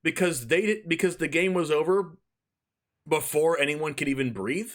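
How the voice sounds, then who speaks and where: A man's voice: a little high, normal speed, background noise. Chatty male streamer on color commentary. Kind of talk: live game commentary.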